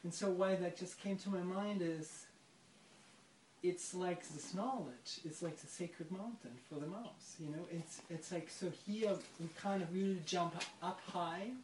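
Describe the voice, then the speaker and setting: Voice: medium pitch, fairly even intonation, a little slow, darkish tone, recorded from a distance. A person retelling a story in conversation, reflective and searching for words. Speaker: participant in a spiritual discussion. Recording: echoey room, voice off mic, faint noise.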